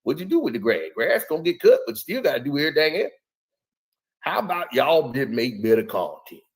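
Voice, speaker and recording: Mumbly boastful older pundit as a man puts him on, deeper than the performer's own voice, lecturing in folksy sayings. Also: big pitch swings, fairly quick. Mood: taunting. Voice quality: mumbly, as if marbles in his mouth.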